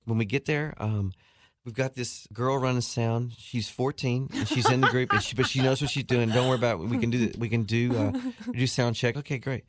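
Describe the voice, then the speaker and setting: A man on a radio show telling an animated story, acting out other people's voices and laughing as he goes. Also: brisk, no echo, clean studio sound. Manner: acts out voices with big jumps in pitch and laughs. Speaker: guest musician telling a story. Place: radio studio.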